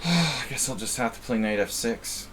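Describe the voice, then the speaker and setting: A man's voice: mid-range voice, expressive, normal speed, background noise. A man from New Jersey giving casual live-stream chess commentary, thinking aloud and often repeating words as he muses. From New Jersey, USA.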